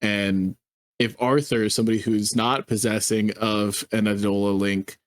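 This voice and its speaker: A man's voice: on the low side, flat delivery, measured pace, no echo. A young man chatting casually about anime, enthusiastic and slangy, with frequent restarts. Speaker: anime reviewer. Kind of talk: casual podcast chat.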